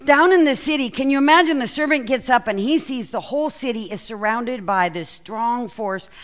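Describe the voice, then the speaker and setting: Animated woman preaching a sermon. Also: on the high side, normal speed. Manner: animated storytelling, acts out quoted lines. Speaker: pastor. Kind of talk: sermon with scripture reading.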